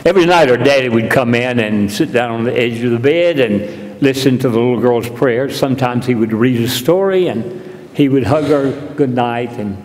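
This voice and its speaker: A man preaching a sermon in a church, telling a story slowly and deliberately. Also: mid-range voice, darkish tone. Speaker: pastor. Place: church sanctuary. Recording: long reverb in a large hall.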